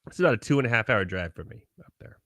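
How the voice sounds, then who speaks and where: An upbeat man hosts a casual podcast with a bright, forceful voice that sounds close and dry. He laughs often and plugs the show between chat with his guests. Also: lowish voice, animated, racing, gravelly, no echo. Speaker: podcast host.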